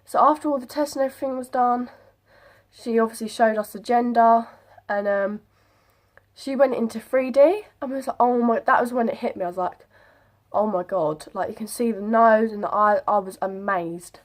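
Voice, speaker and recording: A woman's voice: fairly high pitch, normal speed. A young woman, chatting casually to camera as she retells an experience. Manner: chatty, animated retelling with quoted voices. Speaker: vlogger. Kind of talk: casual storytelling vlog.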